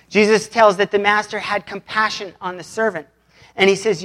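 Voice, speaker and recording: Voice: mid-range voice, normal speed, fairly bright tone. Plainspoken pastor giving a sermon. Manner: plainspoken, retells scripture in everyday terms. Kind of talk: conversational sermon.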